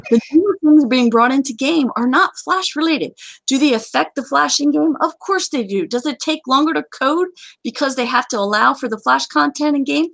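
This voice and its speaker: A woman hosts a casual chat about a strategy game, and her voice sits a little higher than most. She talks in a chatty, joking way and breaks into sudden exclamations. The sound is dry and close, with almost no room echo. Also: normal speed, creaky, a bit bright. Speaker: game community host.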